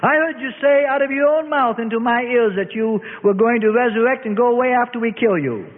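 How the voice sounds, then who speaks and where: A man's voice: very high voice, a little fast, pitched above the performer's own voice. A man reading aloud, voicing a brash male witness who blurts his testimony. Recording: tinny, reverberant phone-like audio.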